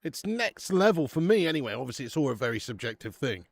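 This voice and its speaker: British male streamer, young, gravelly, dry close-mic sound, loose sweary banter. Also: mid-range voice, very animated, quick pace, few pauses, dry recording. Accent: British English. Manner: chatty, swears freely, reads viewer comments aloud. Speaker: watch-along host. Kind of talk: casual live-stream chat.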